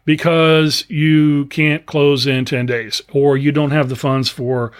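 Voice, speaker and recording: A man's voice: fairly high pitch, level tone, slow pace, clear, resonant tone. Emphatic man coaching real estate investors. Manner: emphatic, frequent "okay?" check-ins. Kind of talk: live webinar teaching.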